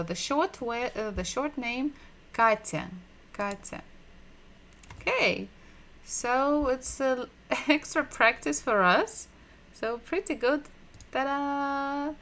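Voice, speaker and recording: A woman giving a livestreamed language lesson, patiently repeating sounds and words slowly so learners can drill them. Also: on the high side, fairly bright tone. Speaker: Russian language teacher.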